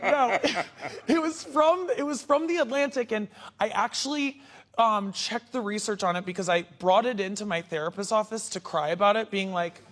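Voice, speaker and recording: A woman's voice: mid-range voice, moderate pace. A woman comedian telling a self-mocking story as a talk show guest, laughing through her punchlines.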